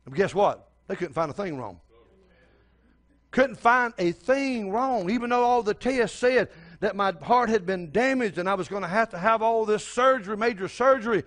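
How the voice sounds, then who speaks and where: A man's voice: high-pitched, animated, moderate pace, a bit bright. An older man preaching a sermon as pastor, telling a story and speaking straight to the congregation.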